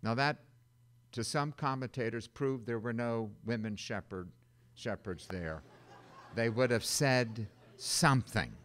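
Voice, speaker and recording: An older man preaching a sermon in an animated way, slipping into loud mock-panicked voices. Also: mid-range voice, unhurried. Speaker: pastor.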